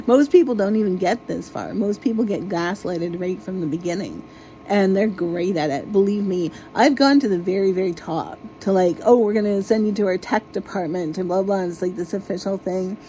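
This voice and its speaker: Mellow-voiced woman ranting, exasperated. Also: mid-range voice, normal speed, a little hiss or hum, poor audio. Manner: exasperated, swears freely. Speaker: vlogger. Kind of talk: casual ranting monologue.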